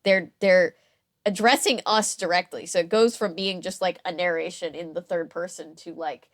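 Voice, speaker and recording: A woman's voice: fairly low pitch, steady tone, normal speed. A woman co-hosting a podcast in casual chat, talking in a chatty, amused way with plenty of fillers and restarts. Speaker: podcast co-host.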